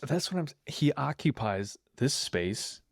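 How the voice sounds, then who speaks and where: A young man co-hosting a casual podcast chat, laid-back and hesitant, often pausing mid-sentence. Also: mid-range voice, very animated, dry recording, studio quality. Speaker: podcast co-host.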